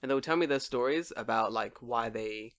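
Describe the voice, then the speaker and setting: A man's voice: mid-range voice, normal speed. A young man co-hosting a casual podcast, telling a story with swearing and acted-out quotes. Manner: animated storyteller, swears freely, acts out quoted voices. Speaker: podcast co-host. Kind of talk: casual chat.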